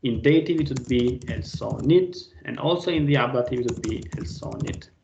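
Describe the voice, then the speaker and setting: Male language tutor, gravelly voice, patient, roomy echo on a video call. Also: medium pitch, normal speed, a little mellow, dull audio, slight background noise. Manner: patient, questioning students by name. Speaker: language teacher. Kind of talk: online class teaching.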